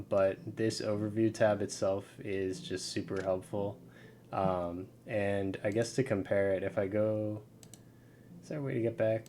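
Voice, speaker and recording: A man's voice: lowish voice, mellow, a little hiss or hum. A man giving a casual screen-share tutorial, talking loosely with lots of fillers over his screen. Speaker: video game guide creator.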